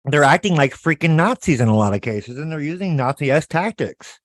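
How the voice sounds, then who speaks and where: A man's voice: on the high side, expressive, fairly quick, dry recording, studio quality. A man hosting an interview, talking in an emphatic, folksy way and backing up his guest. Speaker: show host. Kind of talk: casual interview talk.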